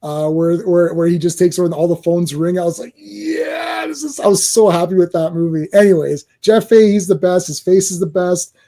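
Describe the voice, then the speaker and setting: Excitable high-voiced man rambling about movies. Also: a little fast, hardly any pauses. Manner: excitable, rambling, laughing, profane. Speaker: podcast host. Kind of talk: casual movie review chat.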